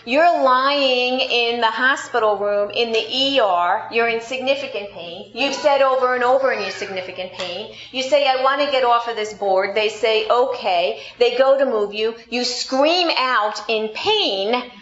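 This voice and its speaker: A woman from New York delivers a sermon, her voice sitting a bit high. She tells everyday stories with a playful, sarcastic edge. The sound is echoey and a little dull, as if recorded in a large room. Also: unhurried, few pauses, a bit bright. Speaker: pastor.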